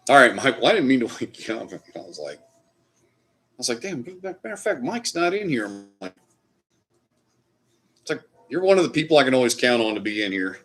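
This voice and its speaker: A man's voice: medium pitch, big pitch swings, normal speed, long pauses, fairly bright tone. A man hosting a casual live stream, chatting loosely with viewers and swearing now and then. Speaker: livestream host. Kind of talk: casual live chat reading comments.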